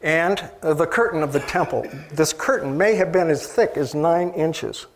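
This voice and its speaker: Guy giving a sermon, kinda gravelly voice, talks casual, lots of uh and right?. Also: fairly high pitch, normal speed. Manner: conversational, rhetorical questions, many fillers and restarts. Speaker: preacher.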